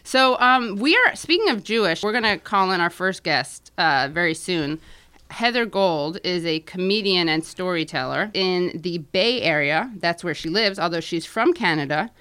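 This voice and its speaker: Woman, radio host, effusive, casual studio chat, bright, smooth voice. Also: on the low side, animated, moderate pace. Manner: effusive, chatty.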